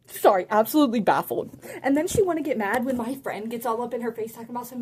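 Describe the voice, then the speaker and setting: Chatty higher-voiced woman telling a story. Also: moderate pace, pauses often, slightly rough. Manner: chatty and animated, heavy use of "like"; laughs often mid-sentence. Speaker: vlogger. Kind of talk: casual storytime chat.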